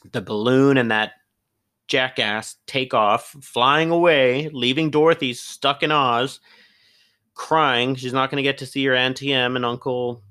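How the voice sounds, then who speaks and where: A young man co-hosts a casual film podcast, recapping plots in a loose, rambling way. He drops the odd curse word and talks in an easygoing tone. His voice sits in an ordinary middle pitch. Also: a bit bright. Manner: chatty, swears casually, retells plots loosely. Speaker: podcast co-host. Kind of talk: casual chat.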